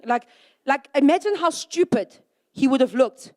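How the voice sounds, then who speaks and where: A young woman with a high voice speaks to a youth crowd in sermon style. She keeps it conversational and animated, throwing rhetorical questions at her listeners and slipping into quick acted-out scenes. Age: young adult. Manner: asks the audience rhetorical questions.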